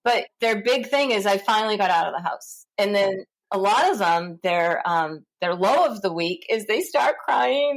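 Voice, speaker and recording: Animated woman telling stories. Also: mid-range voice, moderate pace, few pauses. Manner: animated, acts out quoted voices. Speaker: guest, founder of a parent support center. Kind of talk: conversational interview storytelling.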